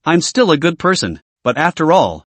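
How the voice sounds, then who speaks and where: A man's voice: a little high, big pitch swings, normal speed, dry recording. A man voicing a panicked young man caught by a corpse, speaking in a shaky, pleading way. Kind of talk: read-out dialogue in a recap.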